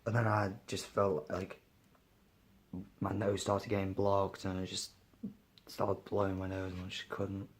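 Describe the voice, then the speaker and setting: A young man with a cold, sniffly and a bit hoarse, talking tiredly through a casual daily vlog with lots of fillers. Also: low voice, monotone, a little slow, pauses often. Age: young adult. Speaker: vlogger.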